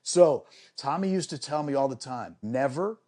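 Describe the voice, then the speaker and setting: Middle-aged male sportscaster, slightly high voice with a mellow, dark tone, vivid podcast storyteller. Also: moderate pace. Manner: lively anecdotal, repeats phrases for emphasis. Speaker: sports broadcaster guest. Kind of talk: animated storytelling in a podcast interview.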